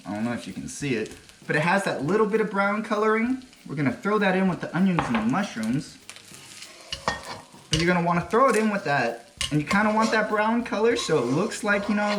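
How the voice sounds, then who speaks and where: A man's voice: high voice, lively intonation, a little fast, noisy background. A man hosting a casual home cooking demonstration, talking crudely with joking, rambling asides. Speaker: cooking show host. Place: home kitchen. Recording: echoey kitchen with faint music.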